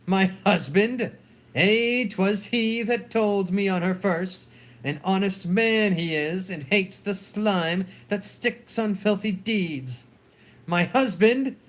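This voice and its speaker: A man's voice: sits high, takes it slowly, fairly bright tone. A man reading the part of a loyal, outspoken waiting-woman in a dramatic play reading, delivering urgent, accusing outbursts. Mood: outraged.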